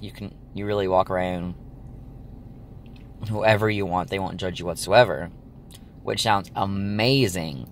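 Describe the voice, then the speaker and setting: Young guy vlogging, kinda low voice, rambles w lots of ums, faint hum behind. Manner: rambling, full of ums and likes. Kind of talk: casual chat to camera.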